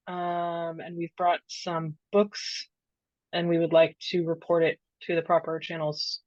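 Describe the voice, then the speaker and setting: Brief: woman player, lowish voice, dry and lo-fi, chatty with fillers. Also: level tone, slow pace, no room sound. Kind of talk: casual tabletop play.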